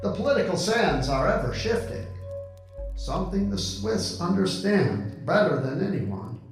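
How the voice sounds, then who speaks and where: An actor playing a suave, pompous henchman who gives a tour in a smooth, lecturing manner. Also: high-pitched, big pitch swings, unhurried, heavily acted. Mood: smug. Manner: smooth, lecturing, self-satisfied. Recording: echoey room with music behind.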